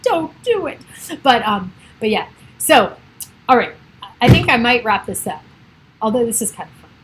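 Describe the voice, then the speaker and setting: A middle-aged woman with a voice pitched a little high chats casually on a livestream from her home computer. She rambles from one thought to the next and laughs often. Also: normal speed, a bit bright, a little hiss or hum, poor audio. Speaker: realtor hosting a livestream.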